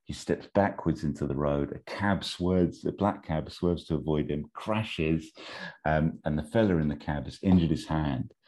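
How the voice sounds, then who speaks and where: A man's voice: rumbling low, normal speed, darkish tone. A man casually retelling a made-up film plot, rambling with lots of ums and amused asides. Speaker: storyteller pitching a film plot. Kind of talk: casual chat.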